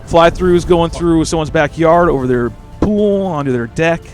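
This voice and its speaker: A man hosting a live show as casual chat, rambling and excitable and swearing freely. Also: fairly high pitch, moderate pace, faint music behind. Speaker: host.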